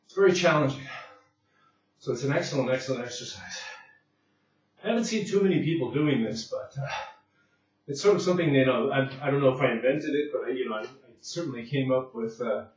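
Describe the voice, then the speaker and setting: A man's voice: medium pitch, a little fast, long pauses. A man demonstrating push-ups at home, talking casually and catching his breath between sets. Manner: breathless, puffing between sets, many fillers. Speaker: fitness instructor. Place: home room. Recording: very echoey room, distant mic, dull sound.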